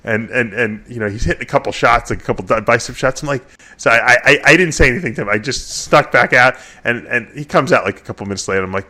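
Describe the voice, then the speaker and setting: A middle-aged man hosting a radio talk show, telling a long story in a rambling, animated way with many restarts. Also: mid-range voice, fast. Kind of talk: casual storytelling chat.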